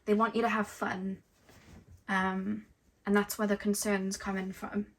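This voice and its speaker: A woman gives an intuitive tarot reading for her viewers, speaking earnestly and with open emotion. Her medium-pitched voice moves little and is unhurried, and she rambles with plenty of "like" and "um".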